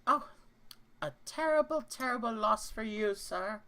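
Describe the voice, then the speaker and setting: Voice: medium pitch, a little slow, bright, forceful tone, voice pushed up. A game master voicing a greedy male gnome who runs a betting game, with a theatrical carnival-barker delivery. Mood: gushing. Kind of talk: tabletop role-play voice.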